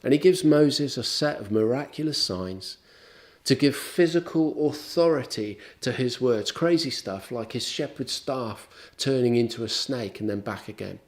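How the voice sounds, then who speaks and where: A man's voice: medium pitch, normal speed. A man preaching a sermon in a conversational, wry and emphatic way.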